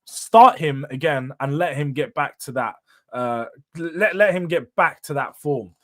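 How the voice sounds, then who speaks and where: Young man, fairly high voice, blunt, slangy, self-answering questions, solo football review. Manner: blunt, opinionated, rapid rhetorical questions and answers. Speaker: football channel host. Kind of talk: casual solo match review.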